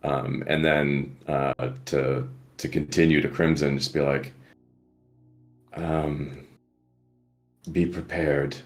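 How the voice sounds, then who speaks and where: Very deep-voiced man rambling as a player. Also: little pitch movement, slow pace, soft background music. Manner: rambling, hesitant, full of fillers. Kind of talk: tabletop role-play.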